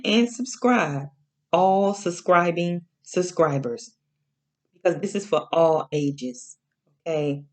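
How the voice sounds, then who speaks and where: A woman teaching a Bible lesson in a casual spoken sermon, slow and repetitive, often checking in with "okay?" and drawing out key words. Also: fairly low pitch.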